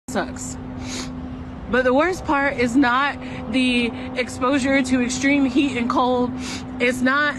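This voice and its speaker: A homeless woman telling a profane, exasperated story outdoors. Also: high voice. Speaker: homeless vlogger. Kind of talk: storytelling rant. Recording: traffic noise outdoors.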